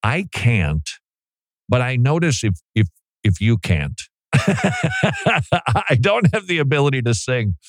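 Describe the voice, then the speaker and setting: Male radio host, casual monologue, joking manner, very expressive pitch, dry recording. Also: slow, long pauses, no room sound. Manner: joking, animated, laughs often.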